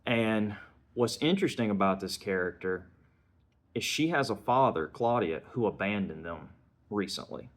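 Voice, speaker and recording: A man's voice: on the low side, animated, moderate pace. A man giving a casual spoken film review, retelling scenes and dialogue in a conversational way.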